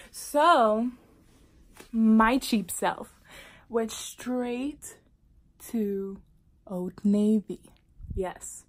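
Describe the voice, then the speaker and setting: A woman vlogger casually telling a personal story to camera, animated and dropping into whispered asides. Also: fairly high pitch, very slow, long pauses.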